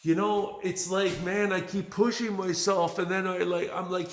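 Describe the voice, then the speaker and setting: A man's voice: high-pitched, level tone, normal speed, few pauses. A middle-aged man and small business owner venting in a profane, exasperated monologue, constantly saying "man". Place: large bare workspace under renovation. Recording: echoey hall with long reverb.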